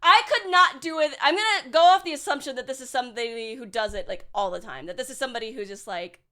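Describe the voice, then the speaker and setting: A woman's voice: high-pitched, fast talker, sharp tone. A young woman streaming as a VTuber, chatting casually and bluntly with her chat, swearing and sarcastic, full of filler words.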